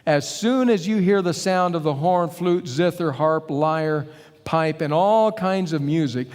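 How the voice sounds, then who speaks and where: Man preaching in a reverberant hall. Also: fairly high pitch. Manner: storytelling, animated retellings. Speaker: pastor. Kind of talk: sermon.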